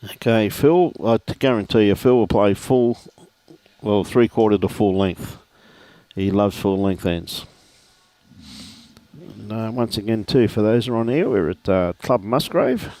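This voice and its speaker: With a fairly low, mellow voice and a slightly slow delivery, this middle-aged Australian man calls a lawn bowls livestream with no room sound. The commentary is relaxed and friendly, with viewers greeted by name.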